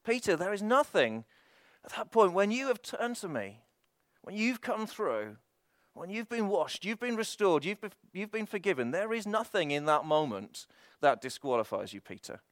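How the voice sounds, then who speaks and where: A man's voice: high voice, sing-song, normal speed, a bit bright, no echo, clean studio sound. Impassioned man preaching a sermon. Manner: impassioned, repetitive cadence with frequent restarts.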